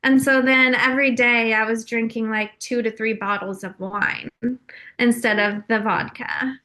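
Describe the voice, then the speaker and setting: A woman's voice: fairly high pitch, fairly even intonation, unhurried, bright, forceful tone. A young woman from California telling her personal story openly on a podcast, with frequent fillers. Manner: open and confessional, frequent fillers. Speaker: podcast guest.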